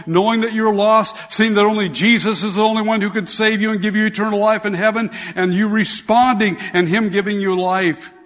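A man preaching in a church sanctuary, his slightly high voice carrying with a long hall reverb. He repeats key phrases for emphasis and throws rhetorical questions at the congregation. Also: a bit bright. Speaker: pastor. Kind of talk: sermon.

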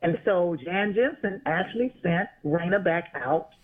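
A woman phoning in as a guest writer, talking excitedly and rambling as she tells her story. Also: fairly low pitch, measured pace. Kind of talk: casual phone interview. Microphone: phone. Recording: tinny phone line.

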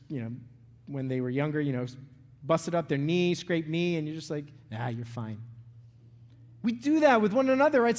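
A middle-aged man giving a conversational sermon as a pastor, often checking in with "right?" and "okay?" and restarting phrases. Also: high-pitched. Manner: repeats words and restarts phrases. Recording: long reverb of a large hall.

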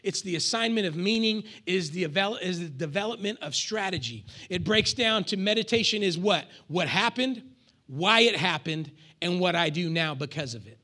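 Call-and-response and dramatized asides fill this lively sermon from a male pastor to his flock. He speaks at a regular speed in a high-sitting voice.

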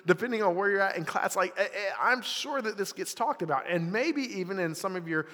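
Young man, youth pastor, relaxed chatty sermon, slightly high voice, recorded live in a reverberant church. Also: brisk. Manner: casual, conversational, lots of filler words.

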